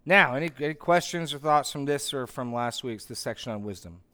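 A man's voice: mid-range voice, expressive, brisk, pushed and bright. A middle-aged man leading a Bible study as its pastor, conversational and full of restarts and asides while teaching a group.

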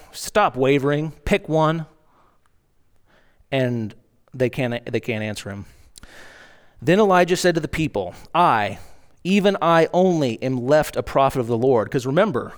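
Male preacher, medium pitch, reads scripture with spoken asides and acted-out emphasis. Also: a little mellow. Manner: reads scripture aloud, then explains in asides; acts out the mocking lines with rising emphasis. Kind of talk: sermon with scripture reading.

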